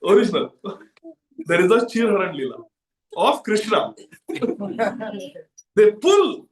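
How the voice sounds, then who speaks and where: A high-voiced male preacher tells a devotional story with animated energy, slipping into characters and laughing often. He is recorded from a distance in a large temple hall with heavy room echo. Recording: echoey temple hall from far off.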